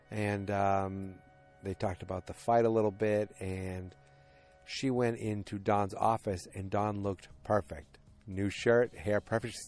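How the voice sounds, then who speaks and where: A man's voice: sits low, fairly even intonation, moderate pace, darkish tone, soft background music. A man hosting a podcast, casually recapping a TV episode in a rambling way, correcting himself often. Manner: rambling, self-correcting, many fillers. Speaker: podcast host.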